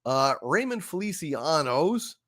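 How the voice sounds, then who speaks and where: A man runs a casual livestream, reading out viewer messages and teasing the senders with corny jokes. His voice sits a little high and swings widely in pitch, with a bright, forceful edge. The sound is dry and close, with almost no room echo. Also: slow. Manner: animated, jokey, shouting greetings with big pitch jumps. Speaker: livestream host. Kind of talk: casual livestream chat reading super chats.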